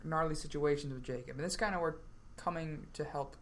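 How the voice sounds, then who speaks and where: A man's voice: a little high, brisk, a bit bright, slight background noise. A young man hosting a casual podcast, telling stories in a chatty way and laughing between lines. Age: young adult. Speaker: podcast host.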